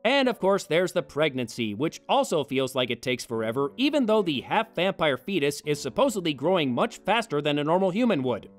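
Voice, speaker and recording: A man narrates a comedic film review with sarcasm and dry asides. His voice is fairly high and very lively, rising and falling a lot. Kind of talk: scripted comedic film commentary.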